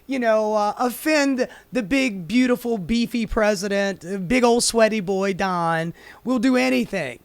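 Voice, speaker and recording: A man's voice: high-pitched, measured pace, clean tone, no room sound. A man hosting a sarcastic, profane political commentary, ranting and mocking. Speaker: commentary host.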